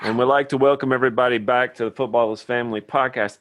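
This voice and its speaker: A man's voice: medium pitch, fairly even intonation, quick pace, few pauses, fairly bright tone, no room sound. A man from Tennessee, hosting a football podcast, reading an earnest intro and then chatting with a guest. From Tennessee, USA. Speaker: podcast host. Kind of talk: scripted intro then casual chat.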